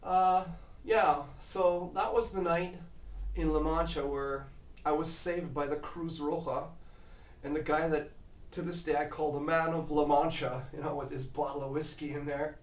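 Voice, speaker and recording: A man's voice: a little high, steady tone, measured pace. A man telling a casual travel story at home, rambling with lots of fillers. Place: home kitchen. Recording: roomy kitchen, mic at a distance.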